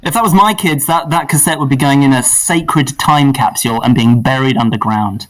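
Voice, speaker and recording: A man's voice: medium pitch, moderate pace. Joking man, sounding far off. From England. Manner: playful, joking, self-deprecating. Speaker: guest, songwriter. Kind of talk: casual chat.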